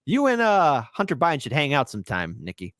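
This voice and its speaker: Brief: sarcastic political livestream host, man, very animated pitch, dry close sound. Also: fairly quick, dry recording. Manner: sarcastic, ranting, mocking; swings from shouting to hushed mock-whisper.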